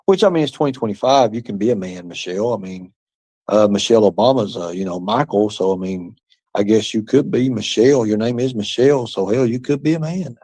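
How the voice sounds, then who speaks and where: This livestream host talks fairly quickly in a lowish, dark, slightly rough voice with lively intonation. He rambles through chat comments, taunting, cursing and muttering asides as he responds.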